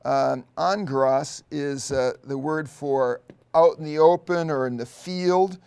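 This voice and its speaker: A middle-aged man, a seminary professor, explaining a Bible passage in an unscripted lecture. He is thoughtful and pauses often, with many fillers and restarts. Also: fairly high pitch, creaky, a little mellow, clear, resonant tone.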